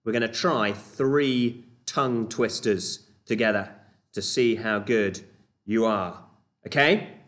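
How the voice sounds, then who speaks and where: A man's voice: lowish voice, takes it slowly, a bit bright. A man leading an online children's club, playful and encouraging, with mock-exasperated exclamations.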